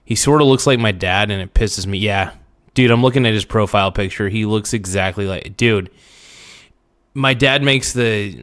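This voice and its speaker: With a voice on the low side and a bit bright, a young man streaming live vents to his chat in blunt, foul-mouthed bursts, repeatedly breaking off and beginning again.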